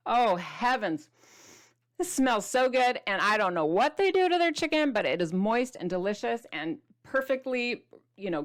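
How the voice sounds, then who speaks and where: A middle-aged woman, a keto diet author and host, presents a casual food vlog in a slightly high, somewhat bright voice. She's chatty and playful, showing food to the camera and now and then dropping into a dramatic whisper.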